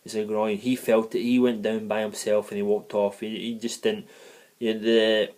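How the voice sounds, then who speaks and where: A man with a lowish, slightly mellow voice talks at normal speed with a flat delivery. Living in the United States, he rants through a heated, profane and digressive football match review on his fan vlog.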